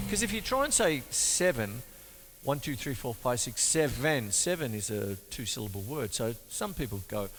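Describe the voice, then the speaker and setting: A man's voice: medium pitch, big pitch swings, moderate pace, creaky, bright, forceful tone. A man teaching drums in a joking, chatty way, counting rhythms aloud. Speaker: drum teacher. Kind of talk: jokey drum lesson with spoken counting. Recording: reverberant room with drum music.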